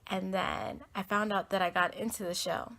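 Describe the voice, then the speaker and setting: A woman's voice: medium pitch, fairly even intonation, moderate pace, gravelly, fairly bright tone. A young American woman hosting her own podcast, telling a heartfelt personal story in a rambling, earnest way full of "like" and "um". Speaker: podcast host.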